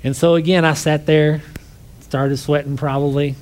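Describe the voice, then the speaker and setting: A man preaches to a congregation, recounting a personal story conversationally, acting out quoted voices, and ending in prayer. His voice sits on the high side with little pitch movement, a darkish tone, and a moderate pace, and the recording is rough.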